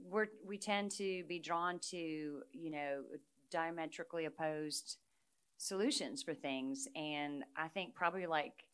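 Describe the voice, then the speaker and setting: A middle-aged woman chatting casually as a guest, an animated storyteller who laughs often. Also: deep voice, a little slow, clear, resonant tone. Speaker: guest musician. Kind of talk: casual chat.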